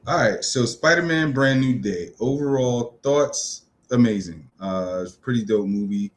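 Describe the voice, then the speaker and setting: A man's voice: mid-range voice, moderate pace, few pauses, slight background noise. A man from New City, chatting casually and rambling through his thoughts with plenty of fillers. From New York City. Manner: loose and rambling, many fillers. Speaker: pop-culture vlogger. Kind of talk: casual solo video talk.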